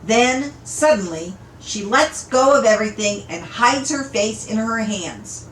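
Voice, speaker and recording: Woman, audiobook reader, slow, amused storytelling, echoey room. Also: on the high side, lively intonation, slight background noise. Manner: unhurried, amused storytelling with small laughs. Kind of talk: read-aloud story narration.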